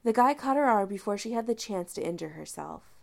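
A woman's voice: medium pitch, lively intonation, brisk, gravelly. A woman narrating a fan story aloud as a podfic reader, reading expressively.

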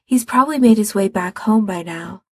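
A woman reading fiction aloud in a calm, measured way. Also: medium pitch, slightly rough, no echo, studio quality. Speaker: reader.

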